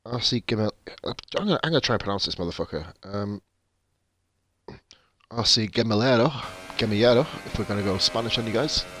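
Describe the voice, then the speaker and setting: Swearing streamer, low voice. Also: male voice, animated, fast, hardly any pauses, a bit bright. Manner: profane, jokey banter with chat. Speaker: game streamer. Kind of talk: casual live-stream commentary.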